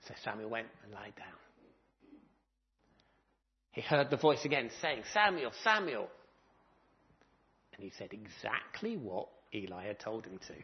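A man's voice: on the low side, moderate pace, long pauses, highs cut off. A man giving a children's talk in a church service, telling a story and asking the children questions. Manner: animated storyteller who quizzes children. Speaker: minister.

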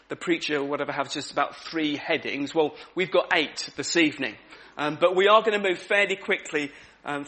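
A man's voice: on the high side, fairly bright tone. A man preaching an evening sermon in a conversational way, repeating key words for emphasis.

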